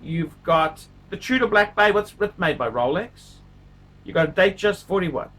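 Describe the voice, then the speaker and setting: In an unscripted monologue on his watch-review channel, the host speaks with emphasis, circles back over his points, and mixes crude humor with pleading side remarks. He has a high, expressive, slightly bright voice at a moderate pace.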